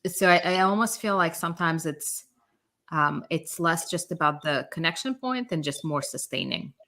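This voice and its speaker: A woman's voice: sits low, animated, moderate pace, sharp tone. A woman hosting a podcast in casual conversation, easygoing with fillers, over a video call. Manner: easygoing, with fillers and you-knows. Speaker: podcast host.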